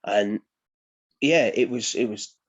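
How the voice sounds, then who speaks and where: Male guest, lower register, animated storyteller who acts out others. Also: slow pace. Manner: lively storyteller, acts out quoted people. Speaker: wrestler guest. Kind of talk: casual interview chat.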